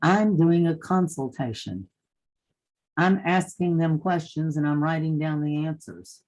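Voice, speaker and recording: Older woman, Eastern Kentucky accent, mellow warm tone, folksy conference talk, practical advice. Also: deep voice, measured pace, rough recording. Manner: folksy, down-to-earth, advice-giving. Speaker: realtor speaking at a conference.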